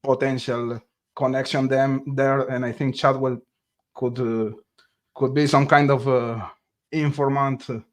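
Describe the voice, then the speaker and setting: A man's voice: medium pitch, level tone. Hesitant man hosting a podcast chat. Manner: halting, hesitant, many fillers. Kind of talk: casual podcast chat, reading viewer messages.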